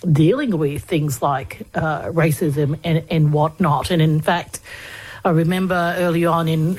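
Husky, low-voiced woman interviewer. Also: darkish tone. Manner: hesitant, with many fillers and restarts. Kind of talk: conversational interview.

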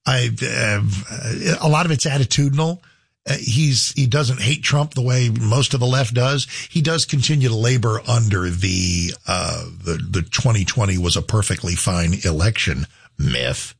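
A man's voice: mid-range voice, unhurried, vocal fry, breathy edge, no room sound, clean studio sound. A middle-aged man hosting a talk show, rambling through a casual monologue with many restarts and asides.

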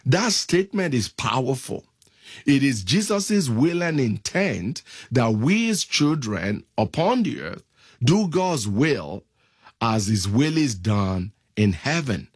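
A man preaching a sermon, reading scripture aloud in a slow, deliberate way. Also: medium pitch, sing-song, husky, dry recording, studio quality.

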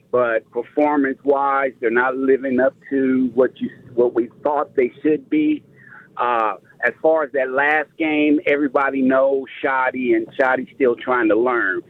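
A man's voice: mid-range voice, a little slow. A man calling in to a sports radio show, making his point earnestly over a phone line. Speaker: caller.

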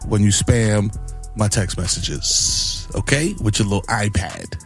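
A man, hosting morning radio and riffing in animated banter. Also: lowish voice, a little slow, faint music behind. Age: 40s. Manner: animated, riffing, lots of "you know what I'm saying". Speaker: radio host. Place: radio studio.

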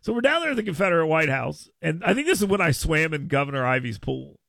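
Male talk radio host, animated storyteller, gravelly edge, dry booth. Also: a little high, fast talker, no room sound. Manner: animated storytelling with laughs and mock voices. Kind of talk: casual radio banter.

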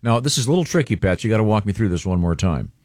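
A man's voice: fairly low pitch, lively intonation, rapid-fire, a little mellow, no room sound, studio quality. A man hosting a casual talk show, teasing the guests and restarting his sentences. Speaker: host. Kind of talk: casual chat.

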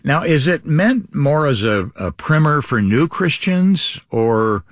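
A man co-hosting a radio ministry program, upbeat announcing with wide pitch swings. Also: sing-song, slow pace, no echo, clean studio sound.

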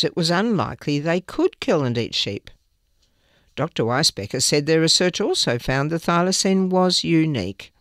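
Man, news reader, lively pitch, dry close sound. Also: dry recording. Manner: plain, careful reading with small slips. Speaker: newspaper reader. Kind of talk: reading news articles aloud.

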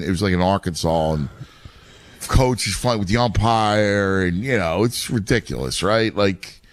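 A man's voice: lowish voice, no room sound. A man, a youth baseball coach and father, talking casually and explaining game strategy with many restarts. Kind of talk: casual chat.

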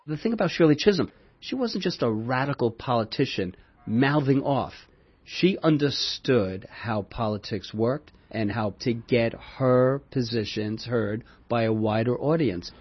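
An older man, a former campaign staffer, recalling the past in an animated interview. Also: medium pitch, unhurried, husky, no echo, muffled recording. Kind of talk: interview recollection.

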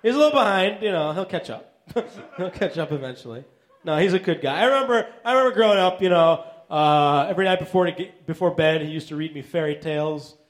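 A man's voice: on the high side, lively intonation, fast. A man doing stand-up, telling wry self-deprecating jokes about his family. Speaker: stand-up comedian. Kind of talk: stand-up set.

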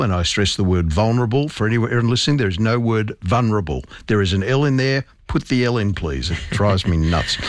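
Low-voiced man explaining health research. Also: dry recording. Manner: earnest, lecturing, with small restarts. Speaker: medical expert guest on a health radio segment. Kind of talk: explanatory radio talk.

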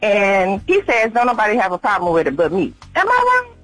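A woman's voice: medium pitch, wildly swooping pitch, fairly quick, fairly bright tone, no echo, faint music behind, poor audio. A woman calling in to a radio show, telling her story in an exasperated way. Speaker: radio caller.

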